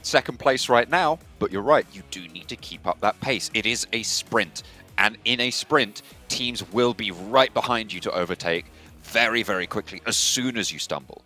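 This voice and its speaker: A man co-casting a live esports match with lively banter. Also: lowish voice, normal speed, faint music behind. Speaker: esports caster.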